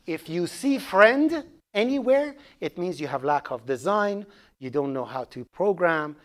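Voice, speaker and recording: A man with a Persian accent giving a programming lecture, animated and joking, asking the class questions as he goes. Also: sits high, unhurried. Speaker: programming instructor.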